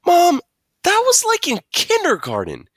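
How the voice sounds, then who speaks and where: A man's voice: extremely high pitch, huge pitch swings, measured pace, a bit bright, no echo, clean studio sound, voice pushed up, heavily acted. A man voicing a blunt, worked-up middle-school boy in a storybook read-aloud, stressing his words and stretching them out. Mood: insistent.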